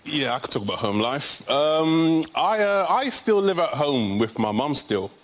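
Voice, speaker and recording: A young man from England doing a stand-up routine in a TV studio, talking with quick stammering restarts. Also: a little high, very animated. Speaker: comedian guest. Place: TV studio with audience.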